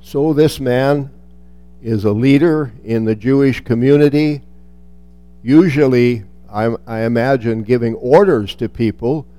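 A man's voice: mid-range voice, warm tone, no echo. A man reading a Bible passage aloud and then commenting on it in a reflective teaching style, with restarts and touches of dry humor.

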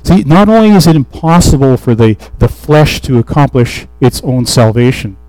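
Man preaching in a mellow voice. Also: mid-range voice, normal speed, no room sound, poor audio. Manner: conversational Bible teaching with restarts and fillers; reads scripture aloud then explains it. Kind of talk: sermon.

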